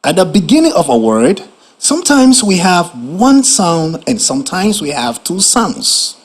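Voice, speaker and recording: A man teacher opening a phonics lesson for children with an animated, sing-song teaching voice and a husky tone. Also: high-pitched, a little slow.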